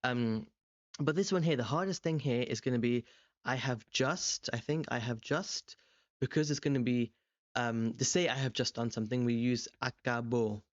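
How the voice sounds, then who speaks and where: A man's voice: medium pitch, normal speed, no room sound, muffled recording. Young man explaining an exam, rambling. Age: young adult. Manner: relaxed, rambling, many ums and self-corrections. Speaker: language tutor. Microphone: desk microphone beside a webcam.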